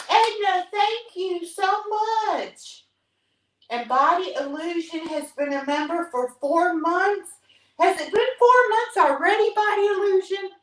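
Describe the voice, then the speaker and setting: A woman's voice: sits high, fairly bright tone. A woman, hosting a live workout stream, counting reps between breaths. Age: 60s. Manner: breathless, upbeat counting with whoops. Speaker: fitness vlog host. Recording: echoey room, mic at a distance.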